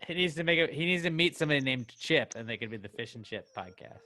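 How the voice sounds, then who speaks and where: A young man co-hosting a casual comedy podcast, joking around and now and then breaking into loud silly shouts. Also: mid-range voice, animated, fast talker, no room sound. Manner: jokey, bursts into loud silly Pokemon shouts. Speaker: podcast co-host.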